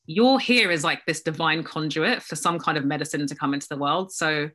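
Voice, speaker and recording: A woman's voice: sits low, fairly quick, pushed and bright. A woman guest speaking reflectively about her own doubts, self-deprecating and laughing often in a casual conversation. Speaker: guest, business coach.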